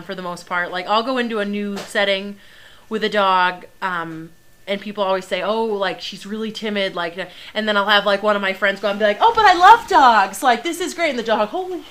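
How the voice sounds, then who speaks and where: Young female trainer, casual live Q&A host, bright, laughs a lot, slight background noise. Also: medium pitch. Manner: chatty, laughs often, many ums and likes. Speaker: service dog trainer. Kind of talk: casual livestream Q&A.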